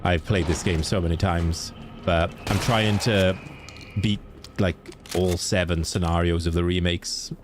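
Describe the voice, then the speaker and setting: A young Welsh man with a deep, low voice keeps up easy, chatty talk with his stream audience, answering viewers by name and laughing easily. A faint background noise sits under his voice. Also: fairly even intonation, measured pace. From Wales. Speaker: game streamer. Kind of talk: casual live-stream chat.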